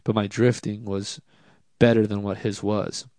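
A man, a drift driver, telling a casual story in an interview, animated and self-deprecating, with many fillers. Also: on the low side, measured pace, no room sound.

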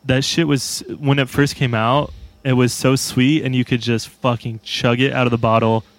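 A man's voice: mid-range voice, flat delivery, moderate pace, no room sound. A man who plays in a band talks in a laid-back, profane, self-mocking way during a casual chat. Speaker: band member.

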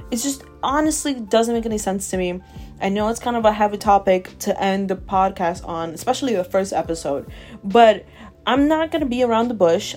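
A woman's voice: mid-range voice, darkish tone. A woman with a Southern American accent hosting a solo podcast, ranting emphatically and repeating herself for emphasis. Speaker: podcast host.

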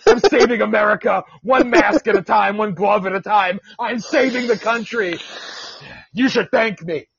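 A man putting on a sarcastic voice of a smug, self-righteous man who wears a mask, shouting in mockery. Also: high-pitched, normal speed, creaky, husky, no echo, full character voice. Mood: mocking. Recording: dull lo-fi sound.

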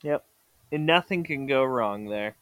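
A podcast co-host in casual chat about a comic, making wry deadpan comments. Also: mid-range voice, a little slow, no echo.

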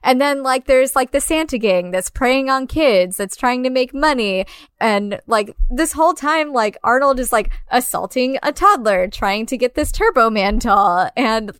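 A woman's voice: on the high side, lively intonation, measured pace, fairly bright tone, smooth, dry recording, clean studio sound. A woman co-hosting a podcast, chatting casually about a movie, full of "like" fillers and sarcastic asides. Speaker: podcast co-host. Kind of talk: casual movie recap and discussion.

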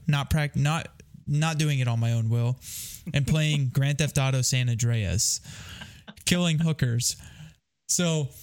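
Young man, casual storytelling, profane, self-deprecating, average pitch. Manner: rambling, profane, self-deprecating, quick asides.

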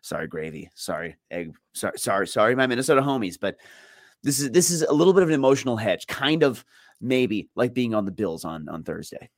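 A man's voice: medium pitch, sing-song, brisk, no room sound, studio quality. A man co-hosting a sports betting show, giving his picks in a chatty, self-deprecating way. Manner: chatty, self-deprecating, repeats words while thinking. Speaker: sports betting podcast co-host. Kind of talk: casual betting picks chat.

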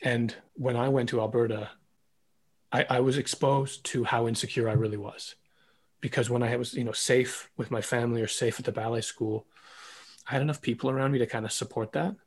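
A man's voice: medium pitch, fairly even intonation, brisk, slightly rough. A man hosting a podcast, talking casually and reflectively with a guest. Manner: talkative, reflective, many "like" fillers. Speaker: podcast host, former ballet dancer.

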